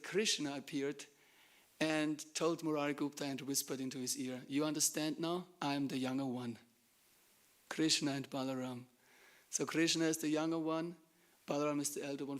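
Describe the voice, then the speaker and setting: A male preacher in a temple, telling a devotional story in an animated way and acting out the lines of its characters. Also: a little high. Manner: animated, acts out quoted lines, bursts into chanting.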